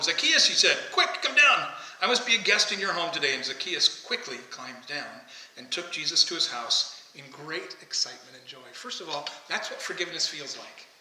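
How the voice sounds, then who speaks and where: A man's voice: fairly high pitch, bright, forceful tone, a little hiss or hum. A man preaching a conversational sermon, often asking the congregation questions. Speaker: pastor. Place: church sanctuary. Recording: echoey church hall, faint ambience.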